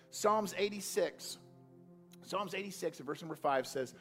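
A man preaching a sermon, animated, swinging from loud calls to quiet, earnest talk. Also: on the high side, normal speed, soft background music. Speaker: pastor.

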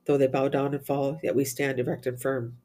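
A man's voice: medium pitch, brisk. Man steadily reciting psalms and prayers. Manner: steady recitation with Latin responses, occasional slips and restarts. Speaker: reader of the Divine Office.

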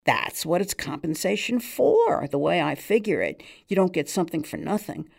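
A woman playing an excitable New York barman. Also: a little high, normal speed, gravelly. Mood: eager. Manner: earnest, excitable, streetwise. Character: nervous, eager male New York barman.

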